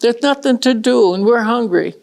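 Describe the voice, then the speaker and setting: A woman's voice: on the high side, moderate pace, creaky, a little mellow, pitched above the performer's own voice. A woman doing an impatient big sister. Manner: scolding, impatient. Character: bossy older sister, a child.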